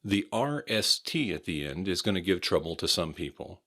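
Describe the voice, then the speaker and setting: A man with an American accent teaching pronunciation, repeating each word slowly and carefully. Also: low-pitched, sing-song, pushed and bright. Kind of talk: slow, deliberate pronunciation lesson.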